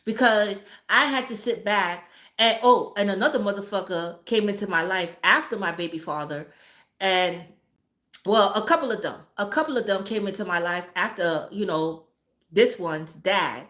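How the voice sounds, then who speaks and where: A woman's voice: medium pitch, normal speed, a bit bright, echoey room. Blunt, profane woman livestreamer. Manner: blunt, heavily profane, emphatic and preachy; repeats words for emphasis. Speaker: livestream host talking to viewers. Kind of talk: casual livestream advice talk.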